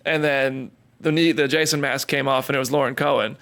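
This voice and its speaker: A man's voice: mid-range voice, steady tone, brisk, fairly bright tone. A man co-hosting a podcast, chatting casually and telling stories, quoting people in put-on voices. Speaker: podcast co-host. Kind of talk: casual chat.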